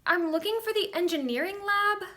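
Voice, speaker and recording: A woman reading the part of an awkward, blunt young female student in a flat manner. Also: extremely high pitch, normal speed, voice pushed up.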